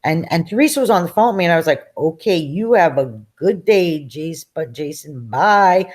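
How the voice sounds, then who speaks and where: A middle-aged woman, telling a personal story as an interview guest in a lively, chatty way, acting out the voices of people in it. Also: fairly low pitch, moderate pace. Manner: animated, acts out quoted voices.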